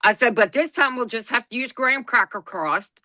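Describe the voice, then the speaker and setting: A podcast co-host tells a family story in casual storytelling chat, folksy and blunt, laughing through her tales. Her fairly high voice is pushed and bright, at normal speed, with no room sound.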